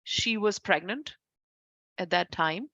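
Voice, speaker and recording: A woman's voice: medium pitch, animated, takes it slowly, dry recording. A woman teaching a class as an instructor, talking informally, often correcting herself mid-sentence and making asides to her students. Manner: chatty, self-correcting, warm asides to students. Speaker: Ayurveda instructor.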